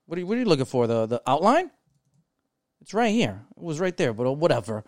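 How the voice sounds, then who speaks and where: A man's voice: fairly high pitch, sing-song, fast, dry recording, clean studio sound. A man co-hosting a podcast, chatting casually in a rambling way, swearing freely and trailing off mid-thought. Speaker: podcast co-host.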